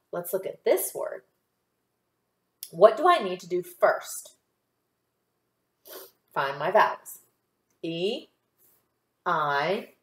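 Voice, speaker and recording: A woman teaching a phonics lesson to children, sounding out syllables slowly and carefully. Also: lowish voice, reverberant.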